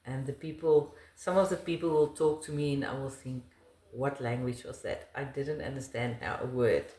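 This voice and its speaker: A woman's voice: a bass voice, moderate pace, dark tone, reverberant. A middle-aged South African woman, her first language Afrikaans, with an Afrikaans accent, talking in a casual interview in an emphatic, laughing way.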